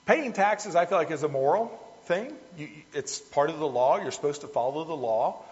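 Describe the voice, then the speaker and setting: A man preaches in a conversational, folksy way, addressing the congregation as folks. His voice is on the high side and expressive, at a moderate pace. The audio is dull and lo-fi, with a long hall reverb.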